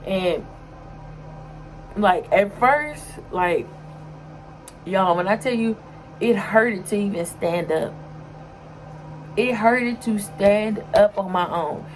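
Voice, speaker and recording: A woman's voice: medium pitch, takes it slowly, long pauses, a little hiss or hum, low-quality recording. Emotional young woman vlogging. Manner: emotional, tearful at times, speaks with fillers. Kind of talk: casual vlog talk.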